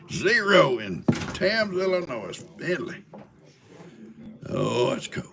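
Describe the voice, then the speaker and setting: A man's voice: fairly high pitch, sing-song, slow, gravelly, long pauses, noisy background. A man in his seventies hosting a live stream, telling folksy farm stories to his viewers and chuckling through them. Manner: folksy, chuckling yarn-spinner. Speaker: livestream host. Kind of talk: casual storytelling to live viewers.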